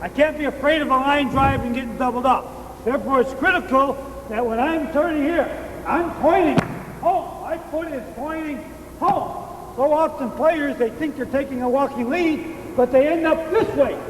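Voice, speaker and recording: Man, baseball coach, high voice, distant echoey old-tape sound, walks through each step. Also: normal speed, noisy background. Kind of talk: instructional demonstration. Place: outdoor baseball field. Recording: distant, roomy old VHS audio.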